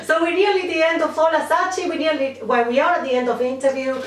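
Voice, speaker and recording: A woman's voice: high-pitched, level tone, quick pace, distant mic. Effusive woman radio host, roomy sound. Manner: effusive, laughs often, emotional. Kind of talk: casual radio interview. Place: radio studio.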